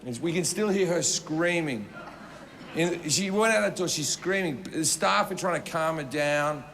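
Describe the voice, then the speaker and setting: A man tells a stand-up story with a slightly high voice, swearing freely and acting out each moment. It is a live show recording with clear background noise underneath. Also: measured pace. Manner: profane, animated, acts out scenes. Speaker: stand-up comedian.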